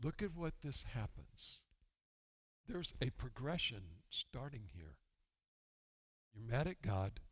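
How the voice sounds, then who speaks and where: A man preaching a sermon as pastor, acting out grumbling churchgoers in an animated way. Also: mid-range voice, slow, long pauses. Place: church sanctuary. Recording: long church hall reverb.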